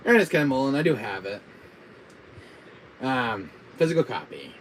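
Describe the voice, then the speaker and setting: A man casually chatting with his viewers on a gaming live stream, giggly and excitable. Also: mid-range voice, normal speed, long pauses, slight background noise, rough recording.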